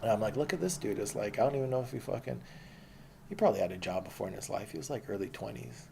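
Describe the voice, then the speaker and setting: A man's voice: on the low side, racing, vocal fry, dark tone, slight background noise. A man telling a rambling, profane, streetwise story from his own life in casual speech.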